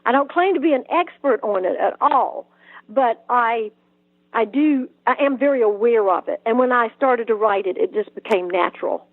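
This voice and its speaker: An older woman from South Georgia with a Southern accent, telling stories as an interview guest, lively and full of restarts. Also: a little high, moderate pace, dry recording. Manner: animated storytelling, frequent restarts and laughs. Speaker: author guest. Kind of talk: conversational interview. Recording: tinny phone-like line, dry.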